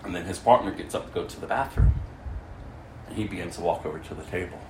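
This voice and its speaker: A man preaching his testimony as a story, swinging between loud stretches and hushed ones. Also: sits low, fast talker. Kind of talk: sermon testimony. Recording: echoey room, mic far off, faint noise.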